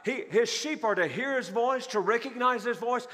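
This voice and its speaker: High-voiced preacher in a reverberant hall. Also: male voice, moderate pace, a bit bright. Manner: rhetorical questions to the congregation, repeats key phrases. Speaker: pastor. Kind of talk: sermon. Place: large church hall.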